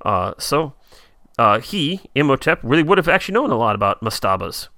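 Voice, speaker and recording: A man's voice: medium pitch, big pitch swings, a little fast, sharp tone, dry recording, studio quality. A man co-hosting a casual talk show, chatting with many fillers and hesitations. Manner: hesitant, many fillers, reads quotes aloud. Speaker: podcast co-host. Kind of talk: casual chat about a TV episode.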